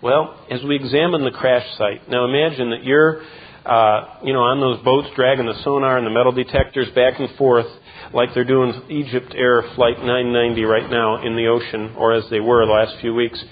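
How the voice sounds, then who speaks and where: A man preaching a sermon as pastor, emphatic, with repeated words and quick asides. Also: medium pitch, flat delivery. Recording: dull lo-fi sound.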